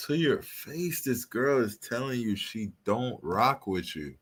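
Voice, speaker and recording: A man's voice: mid-range voice, sing-song, unhurried, fairly bright tone, slightly rough. A man hosting a live stream, reacting to clips with blunt, profane, mocking commentary.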